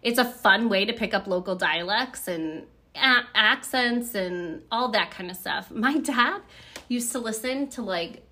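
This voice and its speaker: A woman's voice: fairly high pitch, expressive, unhurried, sharp tone. Chatty American woman podcasting. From United States. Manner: chatty, rambling, reads phrases aloud from a book. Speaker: podcast host. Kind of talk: casual solo podcast talk.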